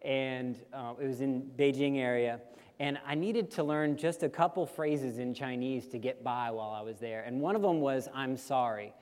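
Man, missionary speaker, mid-pitched voice, lively storytelling, long reverb from a big church hall. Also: moderate pace. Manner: lively storyteller, leads listeners in repeating phrases. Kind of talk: storytelling testimony to a congregation.

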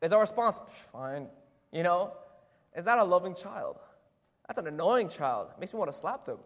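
A man's voice: sits high, lively intonation, brisk. A man preaching a sermon in a church hall, talking conversationally and asking the congregation rhetorical questions. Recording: echoey hall with long reverb.

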